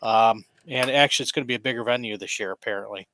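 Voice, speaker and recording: A man on a podcast talks in a bright, lively voice. He rambles and promotes his own work with loose filler words. He cracks jokes with the hosts throughout. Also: medium pitch, fast. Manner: rambling, self-promoting, joking. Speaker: author and podcast guest. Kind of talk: casual podcast chat.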